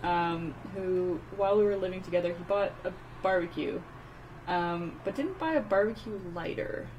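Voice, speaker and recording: A woman co-hosting a casual talk show tells stories with lots of animation. She gets loud as she acts out her anger. A faint noise and hum sit behind her voice. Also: on the low side, normal speed, dull audio. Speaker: podcast co-host. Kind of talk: casual storytelling chat.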